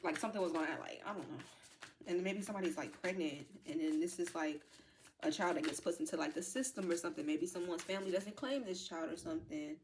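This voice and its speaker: A woman's voice: fairly low pitch, quick pace, background noise. A woman giving a casual tarot reading to her viewers, rambling with lots of fillers, calling them y'all, emotional and close to tears at times. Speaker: tarot reader.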